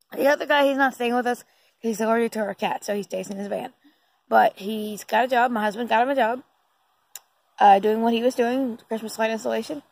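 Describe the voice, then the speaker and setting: Woman, casual nighttime chat, gravelly voice, slightly high, rambling and giggly, phone recording. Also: no echo, poor audio. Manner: rambling, giggly, many fillers. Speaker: vlogger. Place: indoors at night.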